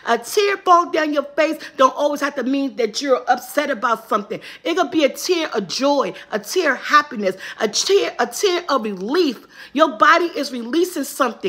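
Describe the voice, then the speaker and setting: A woman hosts a live morning check-in, talking straight to her viewers like a pep talk. Her voice sits high and bright. She chats in loose Southern vernacular and greets people by name between encouragements.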